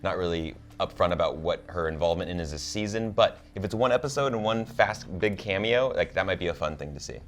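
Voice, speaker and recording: A young man co-hosting a casual TV recap, talking in an animated way with many fillers and restarts. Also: sits low, fast talker, hardly any pauses. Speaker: show co-host.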